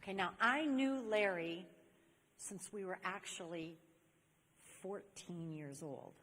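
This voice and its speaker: A woman's voice: on the low side, slow pace, a bit bright. A woman from Saint Louis giving an inspirational talk to a live audience. She tells stories animatedly and speaks straight to the crowd. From Saint Louis, USA. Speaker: speaker on chastity. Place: large convention hall. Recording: echoey hall reverb.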